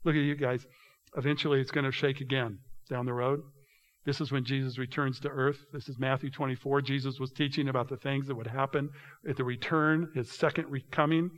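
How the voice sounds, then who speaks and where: A man preaching a sermon to a congregation, reading scripture aloud, calling them "you guys", and swinging between quiet, drawn-out asides and loud, emphatic passages. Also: medium pitch, level tone. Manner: addresses the congregation directly, often saying "you guys". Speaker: pastor.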